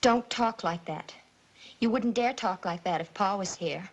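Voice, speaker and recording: A woman's voice: medium pitch, unhurried, very noisy, natural voice. An actress playing a frightened young girl who pleads and denies in a 1950s TV drama. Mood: defensive pleading. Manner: pleading, tearful denials. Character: frightened young girl accused of starting fires. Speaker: daughter.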